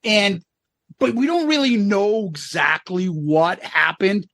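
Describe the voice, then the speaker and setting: Gravelly, profane male podcast co-host. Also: sits high, takes it slowly, fairly bright tone, no room sound, studio quality. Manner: profane, rambling, retells scenes. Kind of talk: casual chat.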